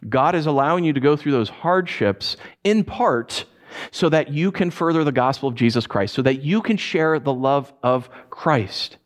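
A man's voice: on the high side, normal speed. A man preaching a sermon as a pastor, telling stories and acting out his own frustrated voice. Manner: animated storytelling, acts out his own frustrated voice.

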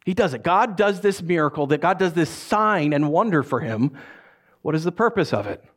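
A man, a pastor, preaching a sermon, reading scripture and acting out lively asides. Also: a little high, normal speed. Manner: animated, acts out voices and asides.

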